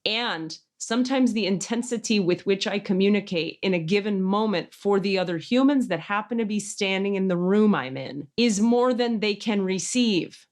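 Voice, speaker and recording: Woman, podcast host, casual chat, emphatic, mid-pitched voice. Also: normal speed, hardly any pauses, darkish tone. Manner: intense, emphatic storyteller who acts out quoted voices.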